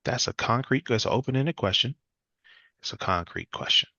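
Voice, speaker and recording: A man teaching a live sales class, acting out lively client conversations as examples. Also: normal speed, vocal fry, no room sound, lo-fi sound. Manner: energetic, acts out client dialogue with jumps in pitch. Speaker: sales trainer.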